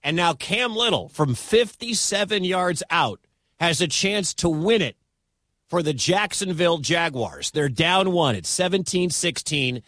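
A man calls a football game live on radio, his high voice rising into shouts when the play gets big. The sound is dry and close, with no room around it. He rushes through the action with plain excitement. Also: no echo. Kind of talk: live radio sports commentary.

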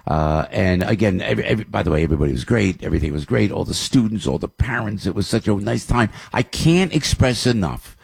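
A man's voice: on the low side, lively intonation, fast, creaky, few pauses, slightly rough, no room sound. A talk radio host, an older man, chatting in a rambling, upbeat way full of fillers and restarts. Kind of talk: casual radio talk and live ad read.

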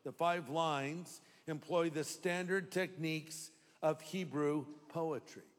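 A man's voice: on the high side, steady tone, slow. A man preaching a live sermon in a conversational, humorous way. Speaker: pastor. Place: large church hall. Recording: long reverb of a large hall.

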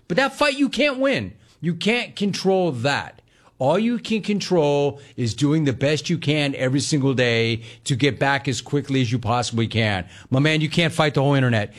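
A man's voice: medium pitch, lively intonation, moderate pace. A middle-aged man hosting a sports talk radio show, delivering an emphatic, punchy monologue full of repetition.

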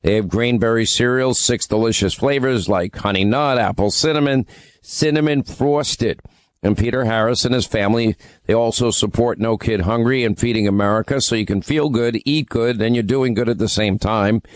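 A man's voice: mid-range voice, moderate pace, no echo. Chatty male radio host with a dry sound. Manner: rambling, conversational, many fillers and restarts. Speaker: radio talk show host. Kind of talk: casual radio talk with live ad reads.

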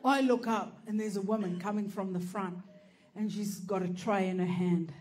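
A woman telling a stand-up comedy story, swearing freely and breaking into loud, animated bursts. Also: medium pitch, normal speed, some chatter behind, a little hiss or hum. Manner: animated, profane, bursts into shouting.

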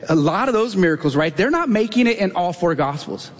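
Here a man in his thirties, a pastor, preaches with a high-pitched voice and a fairly quick pace. His sermon includes a personal story told conversationally and with self-deprecation, livening up as he retells it. The church sanctuary gives the audio a long, large-hall reverb.

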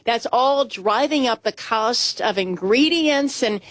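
A woman's voice: fairly high pitch, lively intonation, takes it slowly, dry recording. Woman anchor reading news chattily. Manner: chatty, lightly emphatic.

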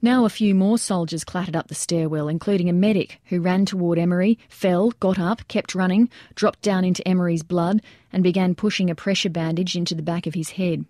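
A woman narrates an audiobook in a measured, steady way. Her voice is fairly low and mellow. The recording is dry and close. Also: no echo.

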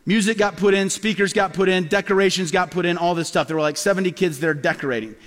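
High-voiced pastor telling stories in a hall. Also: male voice, fast. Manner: lively storyteller acting out quoted voices. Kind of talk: storytelling sermon. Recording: long hall reverb.

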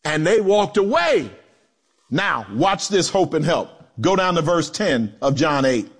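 A male pastor preaching a sermon, animated, acting out quotes in low voices and joking with the congregation. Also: a little slow, slightly rough. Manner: animated preaching with swooping pitch and dramatic drops.

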